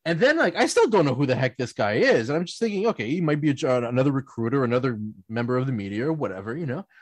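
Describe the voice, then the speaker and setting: A man, hosting a podcast and telling lively anecdotes between laughs, often slipping into playful voices for other people. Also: medium pitch, quick pace, dry recording. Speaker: podcast host. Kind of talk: casual storytelling chat.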